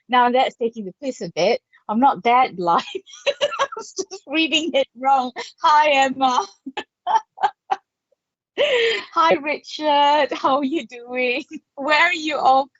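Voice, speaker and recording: A woman's voice: a little high, no echo, highs cut off. A woman in her fifties from Malaysia, a psychic artist chatting casually on a livestream and greeting viewers by name with frequent laughs. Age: 50s.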